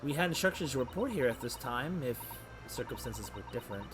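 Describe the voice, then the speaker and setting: A man voicing a polite, composed young female assistant from a story game, reading her lines in a quiet, soft tone. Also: mid-range voice, animated, brisk, music in the background, pitched below the performer's own voice, close to an everyday voice.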